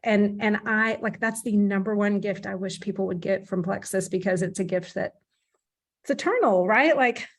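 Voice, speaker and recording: A woman's voice: medium pitch, moderate pace. Enthusiastic, reflective woman co-host. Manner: enthusiastic and reflective, full of fillers. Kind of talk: reflective discussion.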